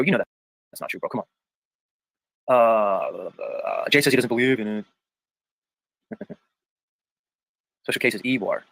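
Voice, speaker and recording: A man's voice: medium pitch, sharp tone, dry recording, rough recording. A man hosting a livestream panel in casual chat, reading viewer comments aloud and arguing his points emphatically, with lots of "dude" and "bro". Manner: argumentative, repeats points for emphasis.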